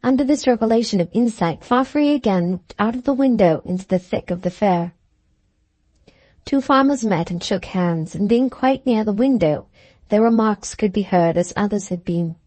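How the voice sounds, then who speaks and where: Mellow-voiced woman narrating an audiobook. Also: mid-range voice, expressive, moderate pace, dry recording. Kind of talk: scripted narration of a classic novel.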